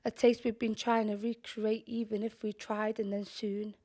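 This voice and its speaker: A young woman with a Scouse accent performing spoken-word poetry in a measured, deliberate way, sometimes dropping to a whisper. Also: medium pitch, flat delivery, dark tone. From Liverpool, England. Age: young adult. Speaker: poet.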